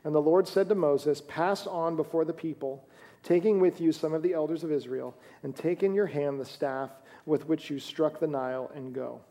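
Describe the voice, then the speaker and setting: A man's voice: fairly high pitch, normal speed, warm tone. A man preaching a sermon in a conversational way, reading scripture aloud as he goes. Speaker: pastor.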